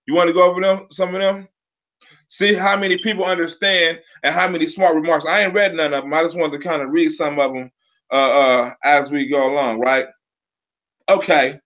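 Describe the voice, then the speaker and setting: A man hosting a live stream, talking in a profane, rambling way with halting restarts. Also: a little high, steady tone, a bit bright. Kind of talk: casual live stream chat.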